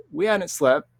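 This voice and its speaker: A man's voice: fairly high pitch, vocal fry, no echo. A young man telling a rambling, casual story about his past, with restarts and quoted voices, close to the mic. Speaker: vlogger.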